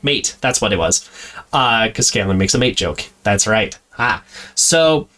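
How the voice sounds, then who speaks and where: A man's voice: lowish voice, expressive, a little slow, bright, forceful tone. A man co-hosting a podcast in casual chat, rambling with plenty of fillers and frequent laughs. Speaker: podcast co-host.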